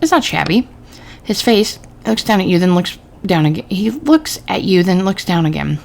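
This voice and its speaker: A woman's voice: lowish voice, moderate pace, creaky. A woman gamer reading a story game's narration aloud in a casual way. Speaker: let's-play gamer. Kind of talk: reading game text aloud. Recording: steady background noise.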